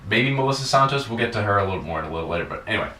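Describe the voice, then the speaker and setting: This podcast host fires off his wrestling recap at a rapid clip, rambling, swearing and stuffing in fillers. His lowish voice is animated, bright and forceful. Slight background noise accompanies the echoey room and distant mic.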